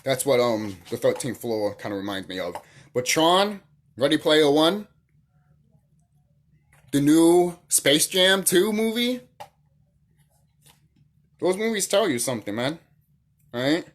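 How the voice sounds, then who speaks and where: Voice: mid-range voice, animated, slow, pauses often. A channel host ranting in a casual monologue, profane and heated, repeating phrases and firing off rhetorical questions.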